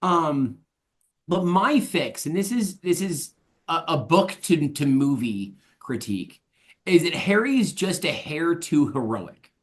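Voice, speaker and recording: A young man with a slightly higher voice chats on a casual movie podcast. He is relaxed and hesitant, filling gaps with ums and letting his sentences trail off softly. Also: slow. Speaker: podcast co-host.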